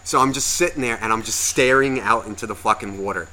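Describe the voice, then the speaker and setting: Forceful, ranting podcast storyteller man. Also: fairly low pitch, fast talker. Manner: profane, ranting, exasperated. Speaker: podcast co-host.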